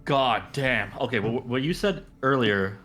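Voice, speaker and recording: A man playing in a tabletop game, talking casually in a tentative, halting way. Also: medium pitch, fairly bright tone, faint music behind. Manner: tentative, trailing off and restarting. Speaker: player.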